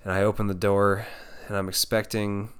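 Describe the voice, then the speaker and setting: A man's voice: lowish voice, little pitch movement, moderate pace, smooth. A man co-hosting a podcast, joking around in casual, profane banter. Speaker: podcast co-host. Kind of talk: casual chat.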